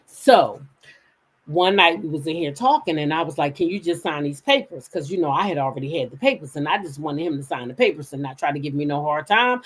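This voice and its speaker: Animated, loud woman telling stories. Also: slightly rough. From United States. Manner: animated, profane, quick jumps into loud high quoted voices. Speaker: gossip channel host. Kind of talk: casual storytelling to live chat.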